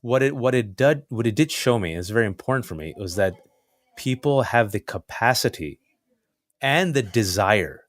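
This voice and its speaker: A man guest telling stories in an animated, joking way, talking in quick bursts with restarts. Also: medium pitch, no echo. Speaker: writer and guest. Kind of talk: casual storytelling interview.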